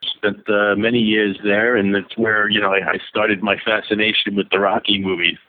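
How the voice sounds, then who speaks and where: A man in his fifties from New York speaks with a low voice in a friendly, unhurried storytelling way. He is heard over a thin, tinny phone line as a guest on a call-in interview. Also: little pitch movement. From New York, USA. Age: 50s. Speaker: author and guest.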